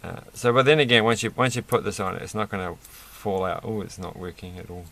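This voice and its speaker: A man's voice: lowish voice, fairly quick, gravelly, fairly bright tone, a little hiss or hum. A man rambling through a toy build with self-mocking, off-the-cuff commentary, laughing at his own jokes. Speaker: toy reviewer building a set.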